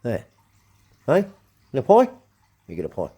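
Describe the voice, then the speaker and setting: A man's voice: medium pitch, huge pitch swings, normal speed, warm tone, slightly rough. An Australian man hosting his own show, ranting angrily with lots of swearing and repetition. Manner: swearing, blunt, repeats himself. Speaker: show host. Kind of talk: angry ranting commentary.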